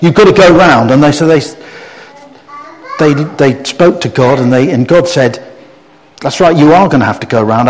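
A middle-aged man with a slightly raised pitch preaches by telling a story, putting on voices for the people in it. He keeps a lively, interactive storyteller's manner with his listeners. His voice rings out in a large hall with a long echo. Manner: animated storyteller who acts out quotes and gets the audience to join in. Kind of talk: story-based sermon talk.

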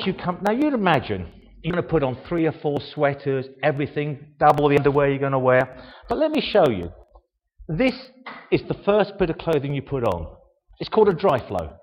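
An older man speaks in a chatty, self-mocking way, tossing rhetorical questions at his listeners. His voice sits a little high and swings widely in pitch. The sound is dull and rings with long hall reverb. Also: breathy edge. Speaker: speaker giving a talk. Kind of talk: informal show-and-tell talk.

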